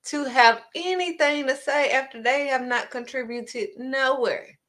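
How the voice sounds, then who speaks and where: A woman's voice: sits high, a little slow, few pauses, a bit bright. A woman giving an informal devotional message, emphatic and scolding, hammering her points home with short blunt words. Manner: informal, conversational preaching. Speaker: preacher.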